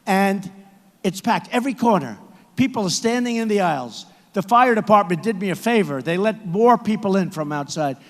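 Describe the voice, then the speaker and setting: A man with a high-pitched voice gives a boastful campaign rally speech in a large indoor arena, repeating himself and often rising to a shout. His words ring out through a PA with a long echo. It sounds like a podium microphone in a big room. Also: expressive, moderate pace. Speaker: political candidate addressing supporters.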